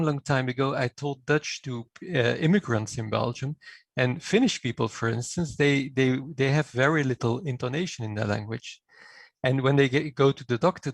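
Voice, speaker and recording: Gravelly middle-aged man lecturing. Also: medium pitch, no room sound. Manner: measured, explanatory lecturing. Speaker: conference speaker on healthcare mediation. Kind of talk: conference presentation.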